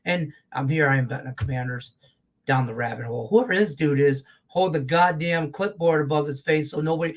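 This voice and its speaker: A man hosting a live betting show, ranting profanely about the game on screen. His voice sits a bit high for a man, and he swings from loud outbursts down to low grumbles. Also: fairly quick. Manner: profane, excitable, rants then mutters low. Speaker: sports betting show host.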